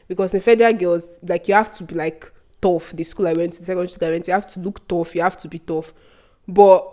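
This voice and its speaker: Animated young woman telling a story. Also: medium pitch. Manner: animated, laughs often, voice leaps up for quoted outbursts. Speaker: vlogger. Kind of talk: casual storytelling.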